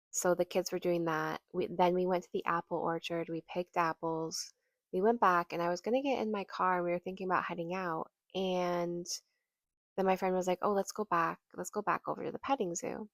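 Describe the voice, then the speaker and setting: A woman's voice: lowish voice, no room sound. A woman podcast host telling a personal story in an earnest, reflective way, often restarting her sentences and saying "like".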